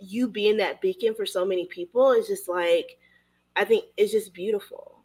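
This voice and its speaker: A woman's voice: mid-range voice, fairly even intonation, normal speed, a little mellow, slightly rough. Woman podcast host, effusive and heartfelt, chatty with constant fillers. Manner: gushing, emotional, heavy filler "like". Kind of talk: casual interview chat.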